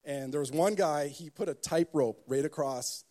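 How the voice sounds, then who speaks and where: A pastor preaching a sermon, telling stories with joking asides and building emphasis. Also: male voice, a little high, moderate pace, dark tone.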